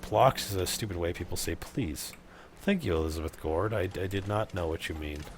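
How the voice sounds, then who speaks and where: A man's voice: sits low, animated, brisk, a little hiss or hum. A man doing casual let's play commentary, sarcastic and profane, talking with his chat while he plays. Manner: profane, sarcastic, chatting with viewers. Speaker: streamer playing a game.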